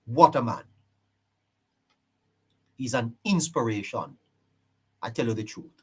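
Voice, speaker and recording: A man's voice: mid-range voice, expressive, takes it slowly, slightly rough. A man hosting a live-stream political commentary, emphatic and preachy, repeating his phrases for effect. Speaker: live-stream show host.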